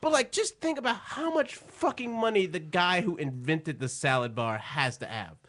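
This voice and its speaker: A man's voice: high-pitched, expressive, moderate pace, a bit bright. A man in loose, profane comedic banter on a podcast, rambling and slangy.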